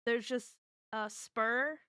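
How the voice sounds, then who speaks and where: A woman's voice: on the high side, takes it slowly, sharp tone, clear, resonant tone, no echo, studio quality. A woman chatting casually on a stream at home, thinking aloud as she tries guesses at word puzzles and teases the people around her. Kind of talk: casual chat while solving word puzzles.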